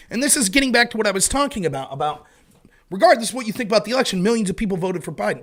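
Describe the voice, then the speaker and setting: This male voice sits high with a fairly bright tone. He hosts a laid-back political livestream, sounding sarcastic and fed up, ridiculing his opponents with fake voices and cursing liberally.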